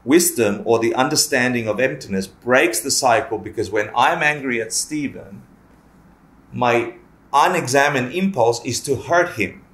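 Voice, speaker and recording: Guy giving a chatty buddhist class, jokey and animated, roomy echo. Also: medium pitch, measured pace. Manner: animated, joking, swears, acts out little scenes. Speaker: Buddhist teacher. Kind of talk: lively casual dharma class. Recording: echoey room.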